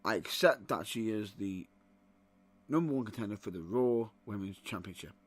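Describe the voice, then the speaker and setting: A man hosting a podcast and ranting in exasperation, rising to loud outbursts. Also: fairly low pitch, expressive, moderate pace. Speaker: wrestling podcast host. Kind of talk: opinionated commentary.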